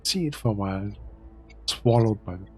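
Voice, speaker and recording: A man whose first language is German, narrating as game master and pausing to check rules. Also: lowish voice, expressive, mellow, soft background music. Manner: descriptive, stops to check rules.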